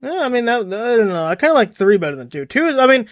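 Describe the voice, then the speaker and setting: A man's voice: very high voice, sing-song, quick pace, no room sound, clean studio sound. A man co-hosting a podcast in casual chat, often laughing while he tells stories. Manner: laughs through his own stories. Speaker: podcast co-host.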